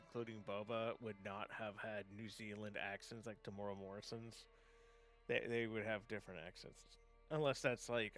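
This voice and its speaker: A man chatting casually on a live gaming stream, rambling with lots of fillers and restarts, laughing often and getting excited. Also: on the low side. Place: home setup, gaming stream.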